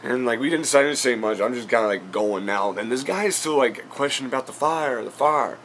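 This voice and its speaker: A man's voice: mid-range voice, animated, brisk, a bit bright, a little hiss or hum. A man hosting a podcast, telling a casual story full of fillers and offhand swearing. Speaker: podcast host and comedian.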